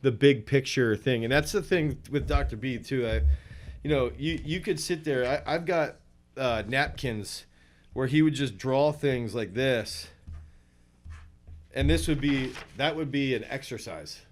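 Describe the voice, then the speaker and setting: A man who coaches throwers, talking in a rambling, animated way in a relaxed podcast interview. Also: mid-range voice, unhurried.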